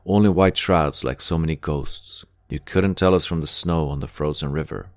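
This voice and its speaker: Grim wounded soldier in an audiobook, read by a man: low, plain, unadorned. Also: normal speed, dry recording, clean studio sound.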